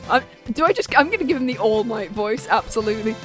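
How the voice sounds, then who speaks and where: A woman's voice: on the high side, lively intonation, quick pace, a bit bright, soft background music. A woman streamer giving casual, joking commentary on a game and laughing at her own character voices. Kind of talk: casual let's-play commentary.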